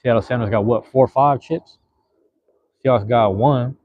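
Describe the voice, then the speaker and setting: A man's voice: mid-range voice, normal speed, phone-quality sound. A man hosting a casual solo livestream, rambling in a laid-back, slangy way. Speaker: livestream host.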